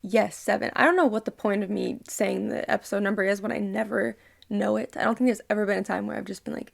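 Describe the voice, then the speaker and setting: A woman's voice: mid-range voice, flat delivery, quick pace, creaky. A young woman hosting a reaction video, talking casually and emotionally, ranting and swearing freely.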